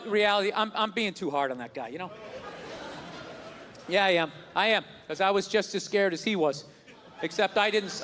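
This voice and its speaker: A man doing a stand-up routine, ranting and swearing, often shouting. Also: high voice. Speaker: stand-up comedian. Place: large hall with a live audience. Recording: hall reverb, audience laughter and noise.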